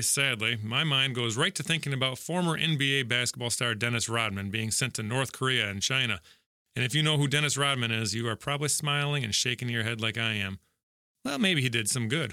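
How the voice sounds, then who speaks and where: A man's voice: mid-range voice, bright, forceful tone, no echo, studio quality. A middle-aged man reading a Bible passage aloud and reflecting on it in an earnest, conversational way with light jokes. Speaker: devotional speaker.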